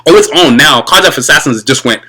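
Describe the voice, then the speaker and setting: A young man hosting his own show, chatting casually and excitedly to his viewers about cartoons, rambling and calling them y'all. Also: mid-range voice, fairly quick, rough recording. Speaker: video podcast host. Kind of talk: casual fan commentary.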